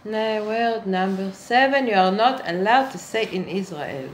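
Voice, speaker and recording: A woman's voice: mid-range voice, expressive, moderate pace, a little hiss or hum, low-quality recording. A woman giving a sarcastic monologue to camera, speaking with mock-earnest irony and addressing her viewers as children. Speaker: satirical vlogger.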